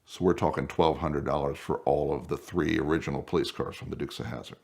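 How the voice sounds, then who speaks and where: Deep-voiced man telling a story. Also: brisk, gravelly. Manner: animated, acts out voices in quotes. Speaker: guest storyteller. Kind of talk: casual spoken anecdote.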